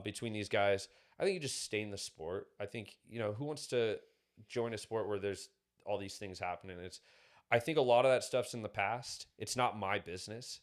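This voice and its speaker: A man with a lowish, clean-sounding voice chats as a guest on a podcast. His storytelling wanders from one thing to the next, full of verbal fillers.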